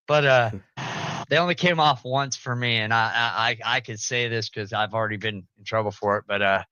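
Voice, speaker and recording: A man's voice: normal speed, smooth, no room sound, dull audio. A young man hosting a casual talk, telling family stories with lots of energy and frequent laughs. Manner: animated storyteller, jumps into loud high-pitched quoted voices, laughs often. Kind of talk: casual storytelling.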